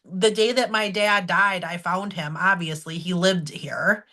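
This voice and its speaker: Woman in her 40s hosting a podcast, talks real open and emotional, lots of "like", a bit low pitched. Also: steady tone, a little slow, pushed and bright. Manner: open, emotional, conversational with frequent "like" fillers. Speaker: podcast host. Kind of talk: candid personal storytelling.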